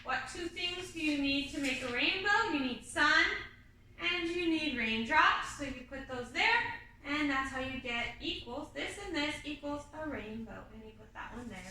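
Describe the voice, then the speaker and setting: A woman teaching a kindergarten class online, talking slowly and patiently and singing simple learning songs. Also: high-pitched, pushed and bright, far from the mic, slight background noise. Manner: patient, sing-song teacher talk. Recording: very echoey room, off-mic.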